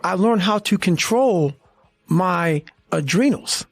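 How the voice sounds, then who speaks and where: Raspy, high-voiced man telling a story. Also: expressive, slow pace. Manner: intense, profane, blunt. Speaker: podcast guest telling a story. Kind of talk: casual storytelling in a podcast interview.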